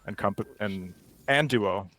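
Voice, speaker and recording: A man, an art director, racing in a speedrun and reacting excitedly to his own play. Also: on the low side, slow pace. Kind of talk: casual reactions while playing.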